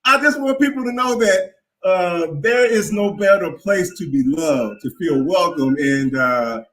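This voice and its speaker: A man in his fifties calls into a live stream over the phone, speaking with earnest feeling. His voice is bright and a little high for a man, and he stumbles and repeats words as he talks. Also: measured pace, poor audio. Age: 50s. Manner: earnest, repeats himself, stammers. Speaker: caller. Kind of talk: emotional live-stream call.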